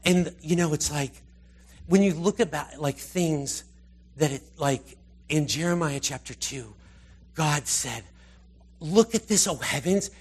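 A man giving an informal, conversational sermon, retelling scripture with animated asides. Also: a little high, a little slow, slight background noise. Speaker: preacher.

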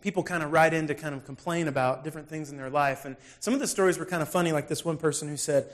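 A man's voice: fairly high pitch, fast talker. A man, telling a funny story in a sermon and acting out the scenes with self-mocking humor. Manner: animated, self-deprecating, acts out scenes.

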